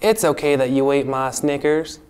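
A man voicing an eager young boy puppet in a children's church skit, earnest and apologetic and quick to get upset. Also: medium pitch, a little mellow, smooth, natural voice. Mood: sincere.

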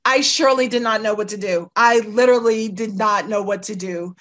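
With a medium-pitched, fairly bright voice, a middle-aged American woman lawyer talks a little fast as a guest about her own life. She's candid and emphatic, acting out what others said and peppering her talk with "you know" and "right."

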